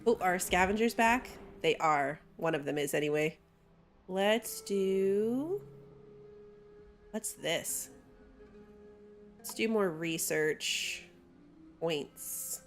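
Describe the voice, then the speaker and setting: Her lowish voice is animated but very slow, with long pauses and soft background music. She's a streamer casually talking through a city-building game, reading viewer chat aloud and laughing often.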